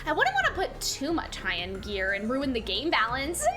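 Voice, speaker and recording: Nerdy young inventor guy, read by a woman, gushing, bright and animated. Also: high voice, faint music behind, voice pushed down, full character voice. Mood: excited. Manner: rapid, gushing, self-congratulating.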